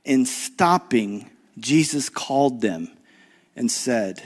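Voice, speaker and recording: A middle-aged man preaching a conference sermon, swinging from loud urgent emphasis to low hushed appeals and acting out the voices of people in the story. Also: expressive, normal speed, pauses often. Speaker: guest preacher.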